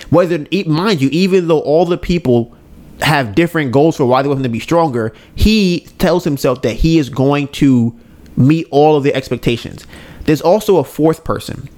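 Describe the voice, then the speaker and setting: A man's voice: on the high side, normal speed, darkish tone. A man co-hosting a podcast who retells an anime plot in casual chat and acts out the characters' lines. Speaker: podcast co-host.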